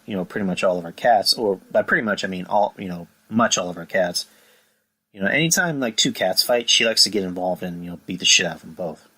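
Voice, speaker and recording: A man hosting a casual review podcast, rambling, swearing often and getting animated. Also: low voice, poor audio. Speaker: podcast host.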